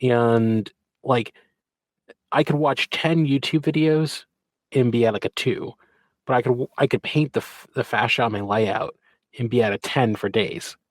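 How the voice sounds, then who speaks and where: A man in a casual podcast talk, speaking in a thoughtful, reflective and measured way. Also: medium pitch, no echo. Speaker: podcast co-participant, model railroader.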